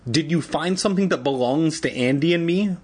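A man's voice: on the high side, fairly quick, darkish tone, slightly rough, voice pushed up. A man voicing Evan, a whiny bitter boy. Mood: nervous. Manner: sarcastic, whiny. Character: bitter, put-upon teenage boy.

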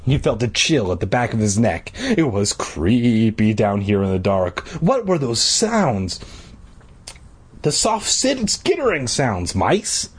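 A man's voice: medium pitch, sing-song, takes it slowly, breathy edge. A man reading a children's horror book aloud as a comic parody, with mock-dramatic delivery and crude ad-libbed lines. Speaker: reader.

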